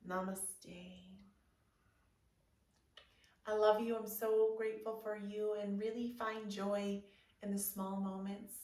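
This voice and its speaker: A woman's voice: mid-range voice, level tone, takes it slowly, long pauses. Soothing woman guiding a yoga class. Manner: soft, soothing guidance with gentle affirmations. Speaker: yoga instructor. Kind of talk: guided restorative yoga class. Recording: roomy, from a distance.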